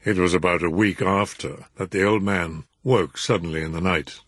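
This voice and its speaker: A man narrating a story in an expressive, measured reading. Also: deep voice, no room sound, clean studio sound. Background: music.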